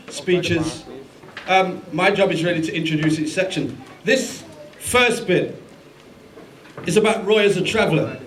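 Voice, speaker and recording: A man's voice: high voice, a bit bright. A man introducing speakers at a live event, chatty and rallying the crowd, with plenty of fillers. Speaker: event host. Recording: echoey hall from far off, crowd.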